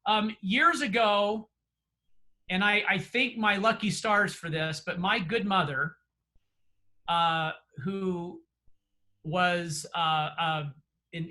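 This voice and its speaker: Bright high-voiced man, earnest trainer. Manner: earnest, encouraging, with many fillers and restarts. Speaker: real estate trainer. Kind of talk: motivational closing remarks. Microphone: video call.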